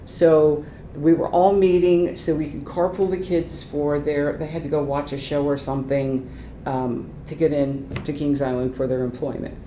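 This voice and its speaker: An older woman, a retired transition specialist, telling lively anecdotes in an oral history interview. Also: normal speed. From Ohio, United States. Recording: echoey room with faint rumble.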